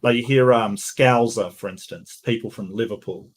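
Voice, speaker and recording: A man's voice: mid-range voice, normal speed, slight background noise. A man with a Western Australian accent, a guest on an online call-in chat, who speaks with careful enunciation but halts on many fillers. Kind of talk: casual panel chat.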